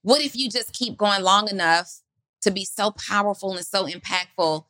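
A woman's voice: mid-range voice, moderate pace, sharp tone, dry recording. A woman on a podcast giving an earnest motivational talk, asking her listeners question after question. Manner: earnest, rhetorical questions, preacherly build.

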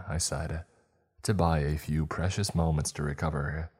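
A man reading a first-person horror story aloud, in measured, somber storytelling. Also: rumbling low, fairly even intonation, a little mellow, husky. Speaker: narrator.

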